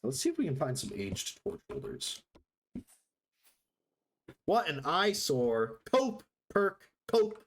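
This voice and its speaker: A man's voice: a little high, huge pitch swings, slow pace, gravelly, long pauses, fairly bright tone, breathy edge. A man streaming himself playing a building game, chatting casually to viewers as he plays. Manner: chatty, talks to chat while building. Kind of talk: casual live-stream gameplay commentary.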